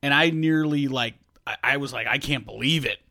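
A man's voice: mid-range voice, brisk, over a noisy crowd. A man, a podcast co-host, telling a family anecdote in casual chat with dry asides.

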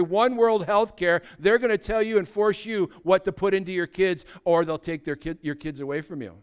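A pastor preaching an urgent, emphatic sermon, repeating short declarations and dropping low and soft when he pleads. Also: clean tone.

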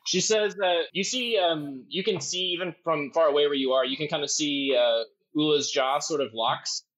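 A man narrating as game master, halting with many ums and uhs. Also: fairly high pitch, a bit bright. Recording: dull lo-fi audio.

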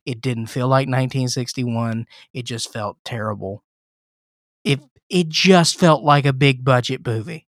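A man's voice: medium pitch, measured pace, no room sound, clean studio sound. A man co-hosting a podcast, giving a casual, sarcastic and profane comedic recap of a film he disliked. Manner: profane, sarcastic, animated storytelling. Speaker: podcast co-host reviewing films.

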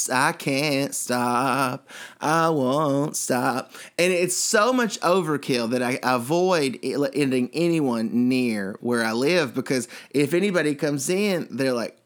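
A man's voice: on the high side, a bit bright. A man co-hosting a comedy podcast, rambling through stories with crude jokes. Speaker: podcast co-host. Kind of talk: comedic casual chat.

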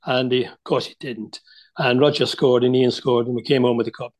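An older former footballer tells chatty anecdotes about his playing days over a video call in a storytelling interview, restarting often. His voice is medium in pitch, steady in tone and fairly quick.

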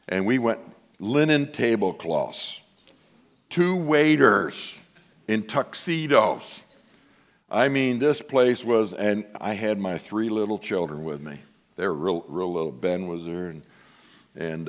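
A middle-aged man preaching a sermon as pastor, telling a personal story with hushed asides and loud exclamations. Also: fairly low pitch.

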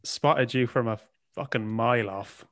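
A man's voice: medium pitch, measured pace. An earnest man guest speaking in casual chat, with a mid-range voice. His voice sounds dry, with no room echo. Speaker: guest, live-action game performer.

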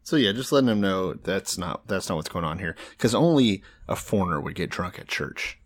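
A man's voice: low-pitched, expressive, normal speed. A man co-hosting a casual podcast, retelling a scripture story in his own words with dry jokes. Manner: dry, joking paraphrase. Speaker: podcast co-host.

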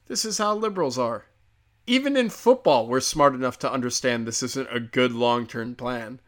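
A man's voice: medium pitch, lively intonation, normal speed, fairly bright tone. An American man hosting a podcast, ranting casually with sarcasm and lots of swearing. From United States. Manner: profane, sarcastic, opinionated. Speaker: podcast host. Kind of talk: casual comedic rant.

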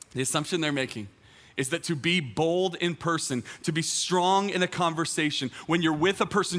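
Bright-voiced man preaching a sermon. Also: a little high. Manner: earnest, repeats key phrases for emphasis. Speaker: teaching pastor. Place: church auditorium, also streamed online.

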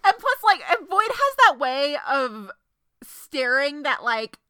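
Bright, high-voiced young woman reacting. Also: sing-song, dry recording, studio quality. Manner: emphatic, quick reactions and blunt swearing. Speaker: podcast co-host. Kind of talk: casual chat.

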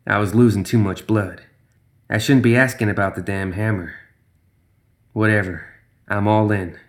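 A man's voice: fairly low pitch, steady tone, moderate pace, long pauses. A man narrating a first-person horror story in a tense, dramatic way.

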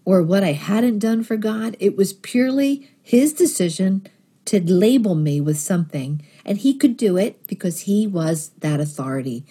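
A woman's voice: mid-range voice, lively intonation, moderate pace, warm tone, breathy edge. A woman sharing a personal faith testimony in an earnest storytelling manner, acting out the thoughts she quotes.

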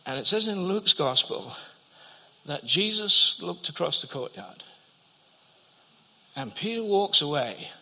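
A man preaching a sermon, telling a story and often repeating his words, then dropping to a hush at tender moments. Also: fairly high pitch, animated, a little slow, pauses often. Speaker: pastor. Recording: long hall reverb.

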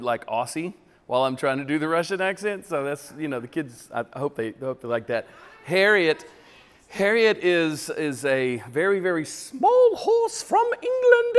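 A man who creates children's ministry material, chatting casually in a relaxed, rambling way with frequent restarts. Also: mid-range voice, clear, resonant tone, long reverb tail. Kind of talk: casual interview chat.

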